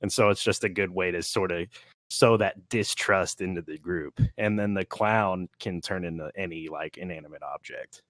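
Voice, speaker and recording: A very deep-voiced man chatting about games on a podcast, animated and quick to laugh. The sound is close and dry, with no room around it. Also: dry recording. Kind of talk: casual gaming podcast chat.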